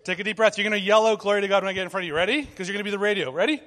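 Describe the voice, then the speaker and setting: Racing along in a high voice, a children's ministry leader takes a group of kids through an interactive object lesson, upbeat and conversational, prompting them to answer together. A long reverb tail and a noisy background fill the recording.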